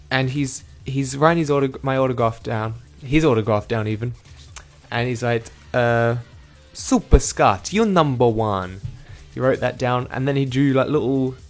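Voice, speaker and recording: A young man, rambling through a casual vlog recap and correcting himself with dry asides. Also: medium pitch. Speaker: vlogger.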